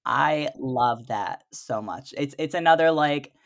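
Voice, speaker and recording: A man guest-hosting a podcast, chatting about a horror film with lots of halting restarts. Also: medium pitch, gravelly. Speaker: guest co-host. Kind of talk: casual movie chat.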